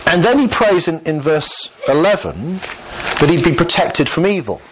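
A man preaches a sermon, and his pitch rises and falls a great deal as he talks. He sounds conversational, drops in light humour and keeps putting questions to his congregation. Faint background noise sits under his voice. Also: sing-song, moderate pace. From Lancashire, England.

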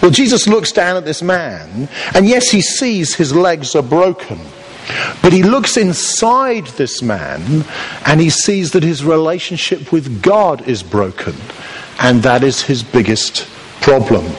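A man preaches a sermon in a lively, swooping voice that sits a little high for a man. He tells the story with humour and acts out little voices along the way. A long reverb hangs behind him, as in a big hall. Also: unhurried, slight background noise.

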